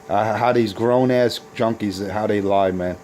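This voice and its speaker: A man's voice: lowish voice, unhurried, background noise. A man hosting a casual CB radio video, boasting and taunting rival operators with trash talk. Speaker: CB radio operator and channel host.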